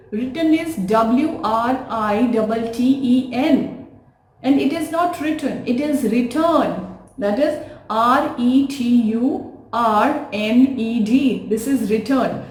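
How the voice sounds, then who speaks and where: A woman's voice: a little high, warm tone. A woman with an Indian English accent teaching English pronunciation, spelling words letter by letter and repeating them. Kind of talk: slow, deliberate instructional talk to camera. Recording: echoey room.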